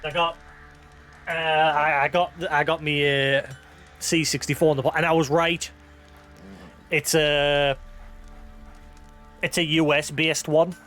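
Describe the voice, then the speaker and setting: A man's voice: fairly high pitch, a bit bright. A man who hosts a live stream, chatting casually, rambling and self-deprecating, thinking aloud with many restarts. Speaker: livestream host.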